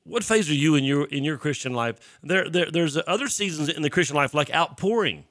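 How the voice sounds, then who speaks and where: A male host of a Christian show speaks in a chatty, self-deprecating way. His voice sits a bit high and sounds dry and close. He is congested and keeps clearing his throat. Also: animated, a little fast, fairly bright tone, no echo. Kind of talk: casual sermon talk.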